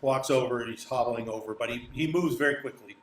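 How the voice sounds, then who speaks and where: Halting man narrating a tabletop game. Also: medium pitch, a little hiss or hum. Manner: halting narration with many uhs, slipping into character voices. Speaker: dungeon master.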